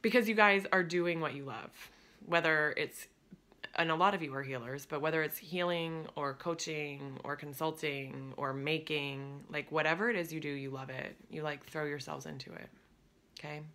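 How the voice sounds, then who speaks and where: A woman's voice: low voice, fairly even intonation, moderate pace, pushed and bright. A woman coaching creative business owners in a chatty, upbeat way, laughing easily and now and then dropping to a near whisper. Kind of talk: casual direct-to-camera coaching talk.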